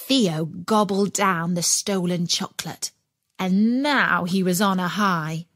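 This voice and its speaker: A woman narrating a children's audiobook in an expressive storytelling way. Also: lowish voice, slow pace, dry recording.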